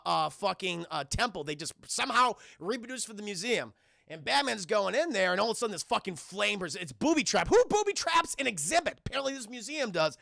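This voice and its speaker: Gravelly, animated man recapping an episode on stream. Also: sits high, no echo, studio quality. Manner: profane, animated retelling, addresses chat. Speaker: livestream cartoon reviewer. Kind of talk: casual livestream episode recap.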